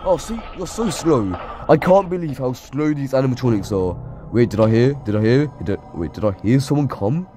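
A man's voice: medium pitch, animated, fairly quick, dark tone, faint music behind. A man giving let's play commentary on a horror game, jumpy, shrieking at scares and taunting the enemies. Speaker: gaming YouTuber.

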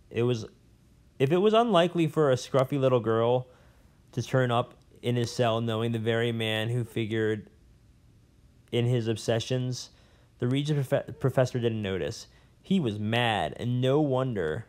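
Man, reading a novel aloud, mid pitch, plain delivery, occasional slips. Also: moderate pace, darkish tone. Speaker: reader.

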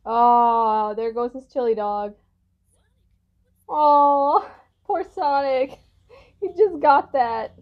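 Excitable woman reacting, high voice. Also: drawn-out words, pauses often, lo-fi sound. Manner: excitable, gushing exclamations; apologetic, rambling asides. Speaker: reaction video host. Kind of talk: casual reaction commentary.

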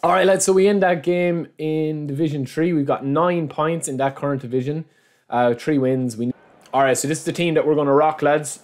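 A man commentating on his own football video game match, excitable, calling his viewers lads and bursting into shouts at big moments. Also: on the high side, normal speed. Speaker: gaming YouTuber.

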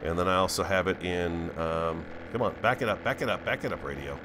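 A man narrates his gameplay in a chatty, easygoing way, speaking straight to his audience. His voice sits low. A faint hiss of noise runs under the recording. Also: fairly quick. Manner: chatty, talks to viewers while playing. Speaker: gaming video host. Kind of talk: let's play commentary.

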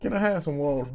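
Man, mellow voice, casual rambling testimony, laughs a lot, slangy, repeats "you know what I'm saying". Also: mid-range voice. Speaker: ministry speaker.

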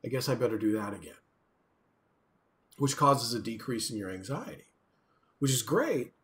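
A man's voice: medium pitch, big pitch swings, moderate pace, a bit bright. A man giving a recorded university lecture in a conversational way, often asking "right?" and acting out quoted voices. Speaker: professor.

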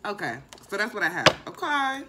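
A woman's voice: medium pitch, sing-song, a little fast, heavy background noise. A young woman giving a casual tarot reading, emphatic and swearing freely, often repeating herself. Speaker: tarot reader.

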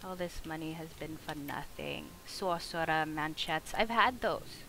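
A woman streamer giving casual gameplay commentary, excitable and swearing, yelling at the game. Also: low voice, a little slow, a little hiss or hum.

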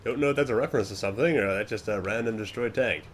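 A young man giving casual gameplay commentary, swearing often and muttering to himself, then yelling at other players. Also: lowish voice, very fast, slight background noise.

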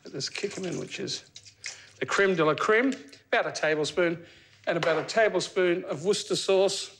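A man's voice: high voice, normal speed, fairly bright tone, slight background noise. A man hosting a cooking show in a studio kitchen, chatting casually and joking with the crew as he cooks. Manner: chatty, jokey, talks to the crew while cooking.

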